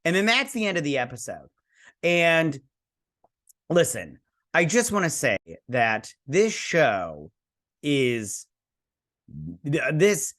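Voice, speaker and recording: A man's voice: fairly high pitch, big pitch swings, slow pace, fairly bright tone. Rambling American man recapping a show. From Michigan, USA. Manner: rambling, loose retelling, many fillers and restarts. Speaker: host. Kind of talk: casual episode recap and review.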